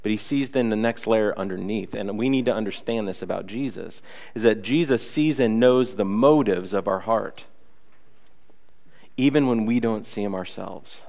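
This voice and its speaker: A male pastor giving a sermon, animated and acting out the Bible story, often checking in with the congregation. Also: fairly low pitch, moderate pace, gravelly.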